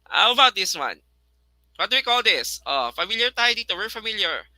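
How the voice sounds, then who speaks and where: A man with a Filipino accent teaching an online lesson, switching between English and Tagalog and repeating words slowly to model pronunciation. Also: high-pitched, big pitch swings, bright, forceful tone, dry recording, poor audio. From Philippines.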